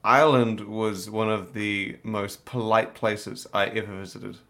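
A man's voice: lowish voice, steady tone, unhurried, fairly bright tone. A man with a New Zealand accent, co-hosting a podcast in a laid-back, swearing, storytelling way. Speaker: podcast co-host. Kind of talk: casual podcast chat.

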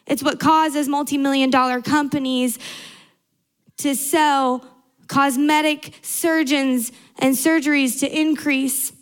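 Young woman preacher, high bright voice, earnest sermon with repeated emphatic lines. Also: steady tone, takes it slowly.

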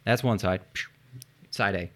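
Unhurried and fairly low-voiced, a male history podcaster walks through past events in a casual way. He cracks jokes, swears, and spells out difficult names aloud.

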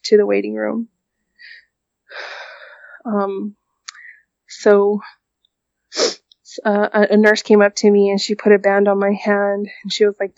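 A young woman, a guest recounting a personal experience, tells a painful story haltingly, leaning on fillers and restarting sentences. Her ordinary middle-pitched voice has a darkish tone and is recorded dry, slightly muffled, with no echo.

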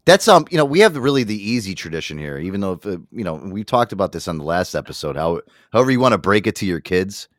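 A man hosts a loose podcast in a low voice that swings widely in pitch. He swears freely and keeps the banter going. The sound is dry and close. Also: fast talker, hardly any pauses, no echo. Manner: swearing, animated, laughs often. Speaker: podcast host. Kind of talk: casual banter.

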